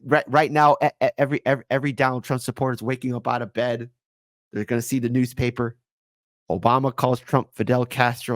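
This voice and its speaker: A man's voice: medium pitch, flat delivery, fast, dry recording, clean studio sound. A man hosting live-stream political commentary in a sarcastic, mocking way, laughing at his own jokes.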